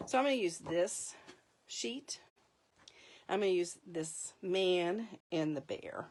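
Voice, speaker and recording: A woman's voice: on the low side, lively intonation, slow, darkish tone. A middle-aged woman hosting a live paper craft demonstration, chatty, laughing often and correcting herself mid-sentence.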